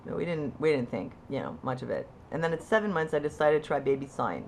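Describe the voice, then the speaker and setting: A woman telling her own story as a mother, in a casual, conversational way, with halting restarts and bright quoted asides. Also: low-pitched, very animated, vocal fry, a little hiss or hum. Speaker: mother sharing her experience. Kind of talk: casual personal account to camera.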